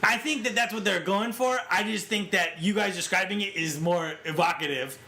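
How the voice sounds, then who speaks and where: A man's voice: high voice, moderate pace, heavy background noise. A man co-hosting a casual film-discussion podcast, talking animatedly and acting out scenes. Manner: animated, acts out scenes in quotes. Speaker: podcast co-host.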